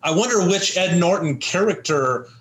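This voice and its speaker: A man's voice: high voice, expressive, normal speed, a bit bright. A man on a comedy podcast, rambling in casual banter with plenty of hesitations. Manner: rambling, hesitant, full of ums. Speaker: podcast co-host.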